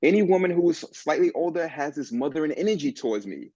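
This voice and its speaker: A man guesting on a podcast, telling a personal story in an earnest, animated way with many restarts. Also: a little high, fast talker, no echo. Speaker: guest, men's coach. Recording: dull, dry lo-fi sound.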